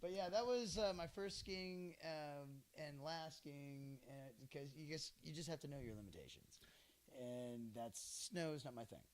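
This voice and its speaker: A man in his thirties chats on a podcast, rambling through a story with plenty of fillers and bursts of laughter. His voice sits a little higher than most men's. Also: a little slow. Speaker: podcast host. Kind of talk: casual storytelling chat.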